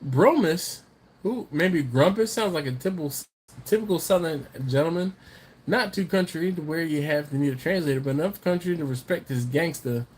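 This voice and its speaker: A man's voice: on the high side, moderate pace, slightly rough. A man hosting a casual livestream, rambling and teasing while reading out viewer comments, a little tipsy from drinking. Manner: rambling, laughs often, teasing. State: has been drinking. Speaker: livestream host. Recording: faint background noise.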